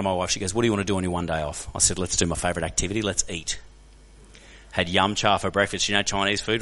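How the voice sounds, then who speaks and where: An Australian man telling stories as a guest speaker to a church crowd, animated and joking, often putting questions to the audience. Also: fairly low pitch. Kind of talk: energetic storytelling talk to a church audience. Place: church hall.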